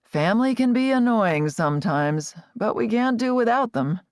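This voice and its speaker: A woman doing a calm, low-voiced young man. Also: normal speed, dry recording, clean studio sound, natural voice. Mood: reassuring. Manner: reassuring, lowered voice.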